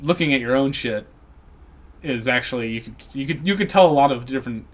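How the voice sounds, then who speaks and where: A man's voice: medium pitch, fairly quick. A young man hosting a podcast, rambling and joking with lots of swearing in casual chat. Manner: profane, rambling, jokey. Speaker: podcast host.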